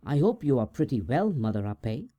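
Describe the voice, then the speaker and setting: A man's voice: medium pitch, very animated, fairly quick, dark tone. A man voicing a tall, thin, hesitant and stingy peasant in a storybook reading, in a plain, slightly raised voice.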